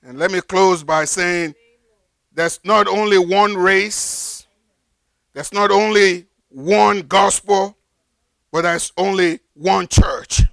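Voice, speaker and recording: An older man preaching a fervent sermon as pastor, building to shouted, repeated lines. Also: sits high, steady tone, takes it slowly, vocal fry, no echo, clean studio sound. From Nigeria. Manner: fervent preaching, rises to shouted emphasis and repetition.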